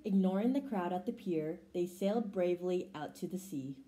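A woman reading a children's picture book aloud in an expressive storytelling manner. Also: lowish voice, moderate pace. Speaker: storybook reader. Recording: roomy echo.

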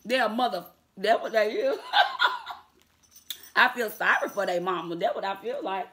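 A woman's voice: medium pitch, measured pace, sharp tone, a little hiss or hum. A woman vlogger chatting casually to her viewers, calling them y'all and laughing often, defiant and sassy toward her critics. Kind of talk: casual vlog talk to viewers.

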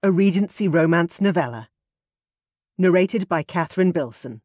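A woman narrating an audiobook romance in a measured, even storytelling manner. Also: fairly low pitch, no echo, studio quality. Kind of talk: scripted narration.

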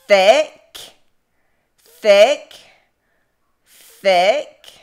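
Young woman speech therapist, slow and deliberate, smooth voice, repeats each practice word for toddlers. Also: lowish voice. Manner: slow, drawn-out words for children to repeat.

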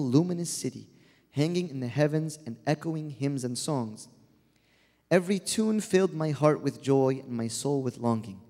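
A man's voice: medium pitch, warm tone. Man reading a devotional story, reverberant. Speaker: reader. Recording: long hall reverb.

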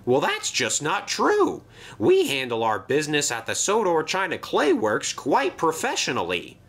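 A man voicing eager, silly twin engines in a very high, childish, squeaky voice. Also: wildly swooping pitch, a little slow, fairly bright tone, full character voice.

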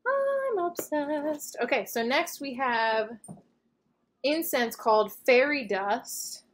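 A woman's voice: on the high side, slow pace. A woman hosting a casual unboxing video, chatty and gushing, with lots of fillers as she looks over each item. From United States. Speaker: unboxing channel host.

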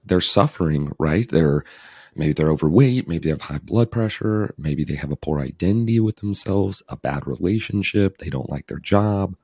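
A man's voice: low-pitched, lively intonation, normal speed, darkish tone, slightly rough, dry recording, clean studio sound. A man hosting a podcast in a playful, upbeat, casual way, teasing himself now and then. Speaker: podcast host.

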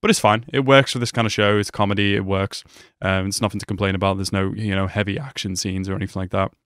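A young man giving casual, excitable commentary as he reacts to an anime episode, talking back at the screen. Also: lowish voice, quick pace, clear, resonant tone, no room sound, studio quality.

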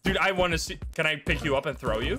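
Speaking fast in a slightly high voice, a young man provides live gameplay commentary on his stream, full of laughter, surprise and cursing. Game music runs under his voice, and the background is noisy.

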